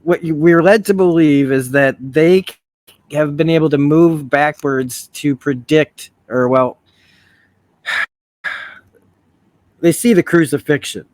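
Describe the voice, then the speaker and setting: A man's voice: fairly high pitch, slow, pauses often, no room sound. A man hosting a casual review, thinking aloud with many restarts and frequent swearing. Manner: rambling, profane, with self-correcting restarts. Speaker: video essay host.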